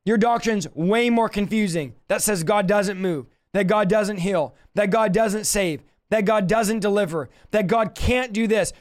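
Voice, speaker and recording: Young male preacher, very high voice, fiery shouting sermon delivery. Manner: shouting, passionate, fast bursts.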